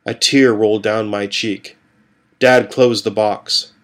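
A man reading a first-person story aloud in a calm, steady way. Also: lowish voice, takes it slowly.

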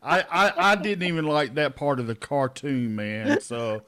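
A man's voice: mid-range voice, a little slow, bright, forceful tone. A middle-aged man co-hosting a podcast in casual chat, a chatty storyteller who laughs often. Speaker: podcast co-host.

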